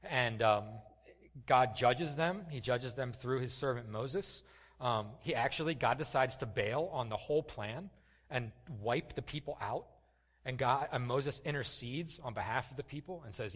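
A man's voice: mid-range voice, a little slow, fairly bright tone, big-room sound. A man preaching a sermon in a conversational style, full of fillers, restarts and asides to the congregation. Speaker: pastor.

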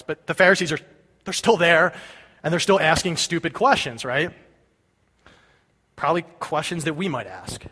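A man's voice: fairly high pitch, bright, forceful tone. A man giving a conversational sermon as a pastor, talking casually and often checking in with his listeners. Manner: casual, keeps checking in with "right?". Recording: long hall reverb.

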